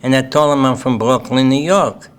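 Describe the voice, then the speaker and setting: An older Lithuanian man, a Holocaust survivor, gives a plain-spoken personal testimony to a symposium audience in a Lithuanian accent, frequently checking in with "okay?". His medium-pitched voice is clear and resonant, at a normal speed.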